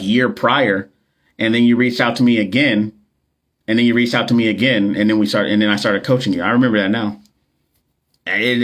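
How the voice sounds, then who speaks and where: His voice is mid-pitched with a fairly bright tone as the male nurse-coach banters with viewers on a phone stream. The chat stays casual and joking, thick with slang, filler words and repetition.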